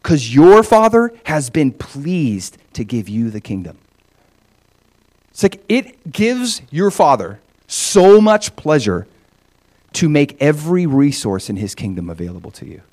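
A middle-aged man preaching a sermon, animated, often acting out voices in quotes. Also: a little high, unhurried. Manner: animated, acts out God's voice in quotes. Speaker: pastor.

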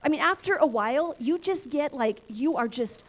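High-voiced woman preaching a story sermon. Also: moderate pace. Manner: lively personal storytelling, acts out her own inner voices. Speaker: pastor and church planter.

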